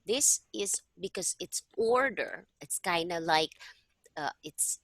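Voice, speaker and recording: A woman's voice: lowish voice, animated, takes it slowly, a bit bright, no echo. A woman teaching a one-on-one lesson over a video call, patiently explaining and often checking that her student understands. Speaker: language tutor. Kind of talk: one-on-one online tutoring.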